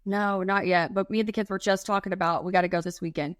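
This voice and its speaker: A woman's voice: medium pitch, fairly even intonation, quick pace, no room sound, studio quality. Rambling woman podcast co-host. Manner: rambling, with many fillers and restarts. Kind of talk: casual podcast chat.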